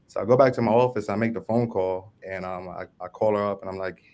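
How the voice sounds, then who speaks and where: A man from New Orleans tells a story on a panel in a loose, halting way, full of ums and restarts. His voice sits low. A faint rumble runs under the recording. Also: fairly even intonation, a little mellow. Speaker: service manager panelist.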